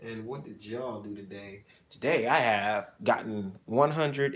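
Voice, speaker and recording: A man's voice: fairly low pitch, unhurried, few pauses. Playful man chatting on a phone stream. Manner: playful, teasing chat viewers. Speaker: streamer hosting his own channel. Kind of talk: casual livestream chat. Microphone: iPhone on a selfie stick.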